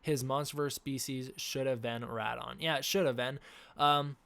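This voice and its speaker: A man's voice: mid-range voice, steady tone, moderate pace, vocal fry, a bit bright. A man hosting a casual livestream, ranting animatedly with many fillers and restarts, his throat sore and scratchy. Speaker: livestream host.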